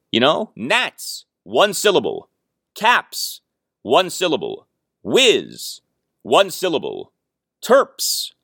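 A man's voice: mid-range voice, a bit bright, no room sound, studio quality. A man hosting a sports podcast, giving emphatic, opinionated commentary on his own. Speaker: podcast host.

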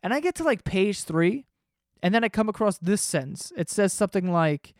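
A man spins a rambling, profane story in casual podcast chat. His voice sits a little high, with quick bursts of excitement. The sound is dry and close, with no room around it. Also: dry recording. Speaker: podcast host.

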